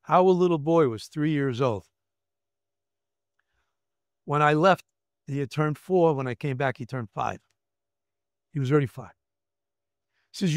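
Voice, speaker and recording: Older new york guy telling war and family stories, emphatic, smooth clear voice, dry close sound. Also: a little high, unhurried, pauses often, dry recording. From Brooklyn, New York. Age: 70s. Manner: emphatic, acts out quoted voices, repeats words. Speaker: retired federal agent, guest. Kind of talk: candid interview storytelling.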